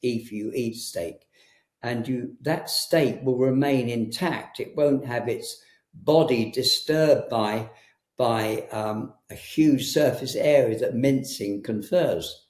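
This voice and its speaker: A man talking as a guest in a conversational interview, hesitant and full of pauses and restarts. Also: mid-range voice, a little mellow. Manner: hesitant, frequent ums and restarts. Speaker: herbalist guest. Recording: roomy echo.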